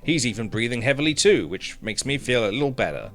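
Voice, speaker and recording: A man's voice: medium pitch, lively intonation, brisk, fairly bright tone, soft background music. Joking man reading a game aloud. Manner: joking, wry asides. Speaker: game streamer. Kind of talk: let's play, reading game text aloud.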